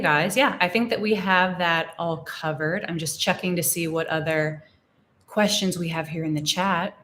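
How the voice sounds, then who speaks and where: A young American woman teaching English in a live Q&A, explaining phrases slowly and repeating examples. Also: on the low side, a bit bright. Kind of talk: live-stream Q&A lesson.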